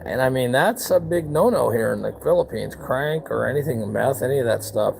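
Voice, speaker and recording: A man's voice: mid-range voice, lively intonation, fairly quick, gravelly, a little mellow, slight background noise, rough recording. A man from the United States talking bluntly in a rambling, casual vlog on his back deck outdoors, with lots of fillers and restarts. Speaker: vlogger.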